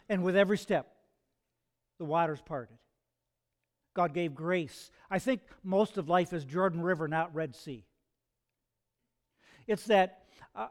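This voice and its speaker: A man preaching from the pulpit, his voice sitting fairly high for a man. He talks earnestly and conversationally, stumbling into restarts and throwing rhetorical questions at his listeners. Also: slow pace, long pauses. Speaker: pastor. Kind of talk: sermon.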